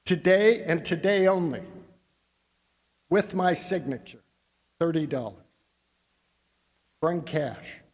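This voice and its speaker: A man's voice: a little high, lively intonation, takes it slowly, pauses often, darkish tone. A man giving a conference talk on grain marketing in a folksy, wry way, calling his audience "people.". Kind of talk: conference presentation. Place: convention hall. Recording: long reverb of a large hall.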